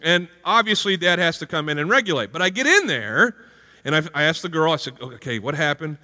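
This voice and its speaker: A middle-aged man preaching a sermon with lively, comic acted-out stories, jumping into playful character voices. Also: a little high, a little fast. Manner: animated, jumps into playful character voices and exclamations. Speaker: pastor. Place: large church hall. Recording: live sermon with long hall reverb.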